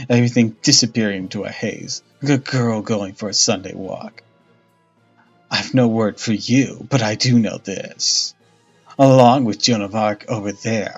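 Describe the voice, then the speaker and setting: A sweet, playful young queen with courtly manners, as a man puts her on. The voice is husky and a little breathy. The game dialogue is read aloud over dull, lo-fi sound with faint music behind. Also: lowish voice. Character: graceful, gentle young queen, female.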